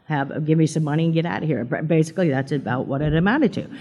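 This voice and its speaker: An older, talkative church member from Pennsylvania delivers her testimony to the congregation fast, in a deep, warm voice. The recording is muffled, and she plays out the quotes by raising her voice.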